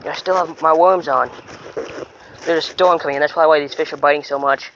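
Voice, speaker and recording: A man's voice: on the high side, fairly even intonation, fast, vocal fry, a bit bright. A man giving rambling, chatty commentary as he fishes by a pond, often stopping and restarting his sentences. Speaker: fishing vlogger. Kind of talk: casual running commentary while fishing. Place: outdoors by a pond. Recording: dull lo-fi outdoor recording with noise.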